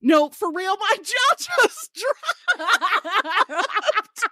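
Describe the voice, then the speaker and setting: A woman's voice: very high-pitched, sing-song, drawn-out words, sharp tone, no echo. A woman guest on a podcast, chatting casually with dry comic asides and frequent laughter. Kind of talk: casual chat.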